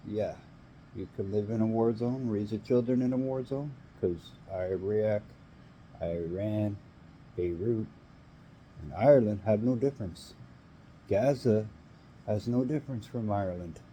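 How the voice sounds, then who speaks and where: A man's voice: on the low side, unhurried, long pauses, mellow, muffled recording, slight background noise. A Canadian man ranting in an angry, emphatic monologue, swearing now and then.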